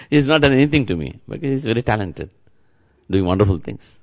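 Man, spiritual teacher, sermon, gravelly voice, repetitive chant-like delivery. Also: medium pitch, animated, a little slow, long pauses, a little mellow. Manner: repetitive, chant-like, addresses listeners directly. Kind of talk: devotional sermon.

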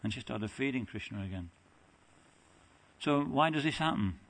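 A man giving a devotional lecture, talking haltingly with frequent restarts and self-corrections. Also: medium pitch, animated, fairly bright tone. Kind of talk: devotional lecture with scripture reading.

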